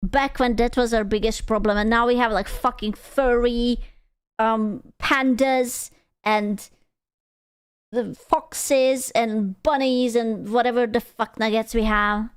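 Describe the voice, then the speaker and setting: A woman's voice: on the high side, steady tone, slow, clean tone, dry recording, studio quality. A woman streamer reacting to a video in casual, rambling chat, swearing freely and joking as she goes.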